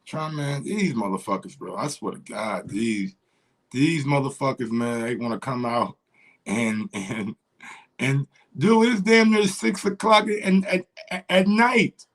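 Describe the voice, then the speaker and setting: A man's voice: mid-range voice, unhurried. Frustrated cursing livestream host, man. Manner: frustrated, profane, repeats himself. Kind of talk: casual livestream chat.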